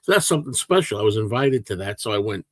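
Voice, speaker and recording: A man's voice: on the low side, very animated, quick pace, fairly bright tone, no room sound. An older man hosting a livestream, chatting casually and rambling through viewer questions with lots of restarts. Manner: rambling, with frequent restarts and fillers. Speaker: livestream host.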